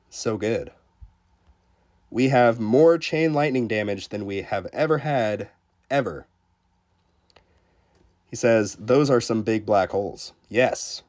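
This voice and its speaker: A man with a fairly low voice hosts a relaxed game livestream. He reads viewer comments aloud and answers them in a chatty, joking way. He often stumbles and restarts his sentences. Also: takes it slowly, long pauses. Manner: laid-back, chatty, joking, with frequent restarts. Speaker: gaming livestreamer.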